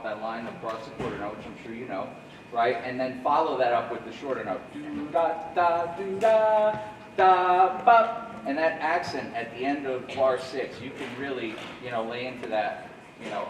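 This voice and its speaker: A man's voice: medium pitch, distant mic. Man coaching a jazz band, echoey. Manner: scats rhythms to demonstrate phrasing; counts off the band. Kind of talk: rehearsal coaching. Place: school rehearsal room or auditorium. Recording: echoey room, heard from afar, noisy.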